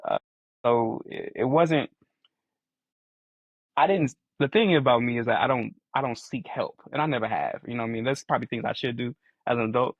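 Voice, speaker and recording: A man's voice: mid-range voice, brisk, no room sound, narrow, tinny audio. A man in his forties co-hosting a casual podcast chat, earnest and restating his points as he explains them. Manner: earnest, repeats phrases while explaining. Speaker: podcast co-host.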